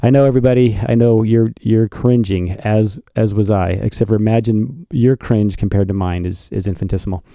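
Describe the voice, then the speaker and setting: A male podcast co-host with a gravelly, mellow voice tells a story in casual chat. He is animated and laughs easily, and he slips into the voices of the people in his tale. The sound is dry and close. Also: on the low side, fairly quick, hardly any pauses, dry recording.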